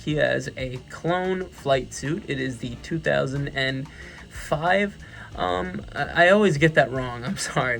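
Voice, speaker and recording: A man's voice: fairly high pitch, creaky, fairly bright tone. A young man with a New York accent casually reviewing his toy collection, enthusiastic and rambling, often correcting himself.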